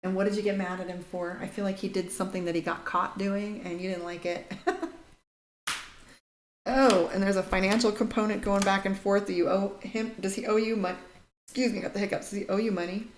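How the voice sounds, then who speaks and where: A woman's voice: mid-range voice, steady tone, fairly quick. A woman giving casual live tarot readings, chatty and blunt, reading out viewer comments and swearing now and then. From Irish heritage. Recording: echoey room with faint noise.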